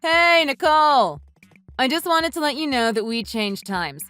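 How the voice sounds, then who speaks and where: A smug, catty young woman, read by a woman narrating a texting story sneers her way through each line. The voice sits somewhat high and leaps around in pitch, mocking and dismissive. Soft music plays underneath. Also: very animated, a little slow, clear, resonant tone, no room sound, heavily acted. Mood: snide.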